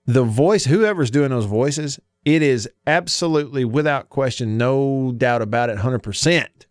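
A rambling, chatty man hosting talk radio from a studio, his voice at an ordinary middle pitch. The sound is close and dry, with no room echo, and he keeps interrupting himself before moving on to ad reads. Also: unhurried. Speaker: radio sports show host.

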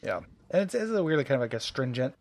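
Man, podcast co-host, fast rambling talk, self-mocking, casual. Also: medium pitch, very animated, a little mellow. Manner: rambling, self-mocking, many fillers and restarts. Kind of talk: casual chat.

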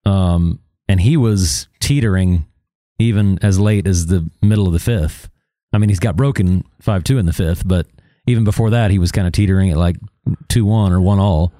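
Male podcast co-host, low warm voice, dry sound, relaxed chatty analysis. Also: normal speed, dry recording. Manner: easygoing, laughs often, chatty analysis. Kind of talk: casual sports chat.

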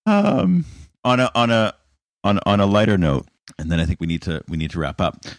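A man with a very deep voice co-hosts a podcast in easy, casual conversation. He laughs often and trips over his words as he restarts his thoughts. The sound is dry and close. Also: lively intonation, fast talker, dry recording. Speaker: podcast co-host. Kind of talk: casual chat.

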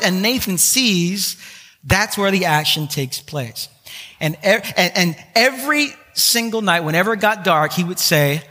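A man preaching a sermon, telling a personal story in an animated way with self-mocking humor. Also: sits high, moderate pace. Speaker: pastor. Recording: long reverb of a large hall.

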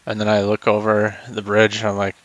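A man's voice: on the low side, completely flat delivery, fairly quick, no room sound. A man playing a tabletop game, chatting in a laid-back way and laughing easily. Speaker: player. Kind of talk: casual tabletop game play. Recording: dull lo-fi recording.

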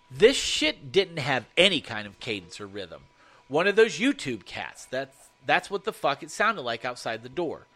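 A man with a medium-pitched voice narrates a horror story in the first person, swearing freely and telling it with animated energy.

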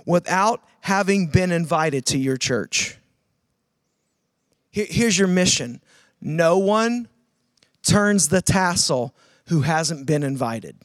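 A man preaching a sermon, calling on the audience to answer and swinging between loud urging and hushed emphasis. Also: high voice, dry recording, clean studio sound. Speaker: pastor.

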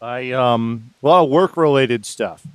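A man hosting a podcast in casual chat, making sarcastic deadpan jokes between frequent hesitations. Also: mid-range voice, measured pace, clear, resonant tone, dry recording. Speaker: podcast host.

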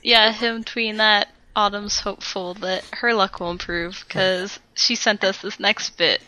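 Bright, giggly woman co-host. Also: mid-range voice, steady tone, measured pace, poor audio. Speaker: podcast co-host. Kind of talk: casual chat, reading listener mail.

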